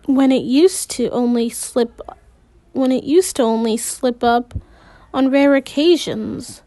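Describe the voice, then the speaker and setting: Woman reader with a high voice, slow and halting, spells out tricky words, dry close sound. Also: warm tone, no room sound. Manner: halting, spells out hard words, adds side remarks. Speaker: audiobook reader. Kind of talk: reading a novel aloud with casual asides.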